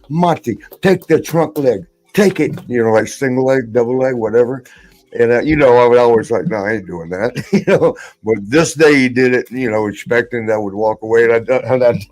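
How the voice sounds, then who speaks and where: Brief: older male podcast host, mid-pitched, casual, laughs a lot while telling stories. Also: darkish tone, low-quality recording. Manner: laughing often, rambling stories. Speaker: podcast host, former wrestler. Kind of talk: casual chat.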